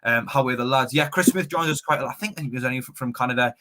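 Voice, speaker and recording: A man's voice: mid-range voice, rapid-fire, sharp tone. A young man hosting a fan live stream, chatting and reading out viewer comments with plenty of stumbles and repeats. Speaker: fan channel host reading the live chat. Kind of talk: casual live-stream chat.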